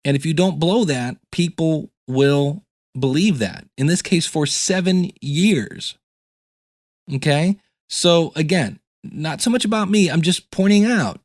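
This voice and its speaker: A man's voice: a little high, dry recording. Chatty man telling a story on a dry mic. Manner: storytelling, reads emails aloud. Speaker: podcast host and teacher. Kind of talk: casual solo podcast monologue.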